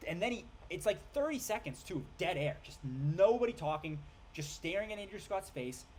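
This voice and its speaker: Rambling, excitable male film reviewer. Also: sits high, a little fast, slight background noise. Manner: rambling, restarts and stumbles over names; excitable, swearing. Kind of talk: casual rant review.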